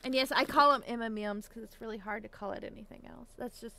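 A woman's voice: a little high, fairly even intonation, quick pace, gravelly, pushed and bright, slight background noise. A woman live-streaming a game, chatting casually and bubbly, giggling and greeting viewers by name. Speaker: Twitch streamer.

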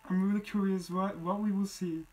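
A reaction video host talking casually while watching a music video, exclaiming often in simple, halting phrases. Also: mid-range voice, poor audio. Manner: excited, exclaims repeatedly.

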